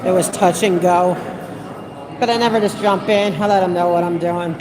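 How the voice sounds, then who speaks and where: A woman's voice: on the low side, fairly even intonation, moderate pace, low-quality recording. A woman livestreaming from a phone in an indoor public space, chatting in a rambling way and reading viewer comments aloud. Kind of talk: casual livestream chat. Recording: loud crowd chatter behind. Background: loud crowd chatter.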